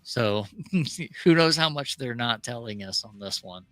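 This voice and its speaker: A man's voice: medium pitch, expressive, a little slow, bright, forceful tone, no room sound, faint music behind. A male co-host giving opinionated casual commentary, often restarting his sentences.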